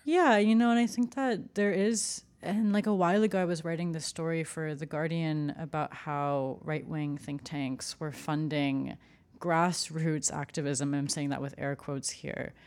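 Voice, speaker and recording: Lower-pitched woman, chatty journalist. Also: steady tone, moderate pace, few pauses, darkish tone. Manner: chatty, frequent "like" and "you know". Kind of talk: casual conversation.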